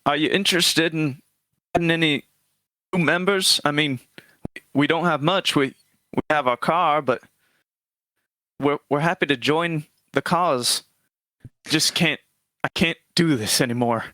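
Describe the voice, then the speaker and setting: A man's voice: a little high, measured pace, pauses often, bright, forceful tone, no echo, voice pushed up. A man putting on a frail grandfatherly old man. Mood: wheedling.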